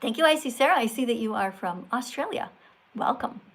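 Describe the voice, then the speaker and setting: High-voiced preachy woman livestreamer. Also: animated, fairly quick, a bit bright. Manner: preachy, scolding, repeats phrases emphatically. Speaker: vegan activist livestreamer. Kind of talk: livestream chat answering super chats.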